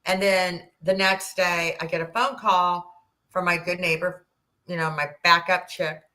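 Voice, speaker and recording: Woman, 60s, podcast guest, bright tense voice, animated storytelling. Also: fairly low pitch, measured pace. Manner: animated, acts out quoted dialogue, rambling restarts. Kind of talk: personal storytelling in an interview.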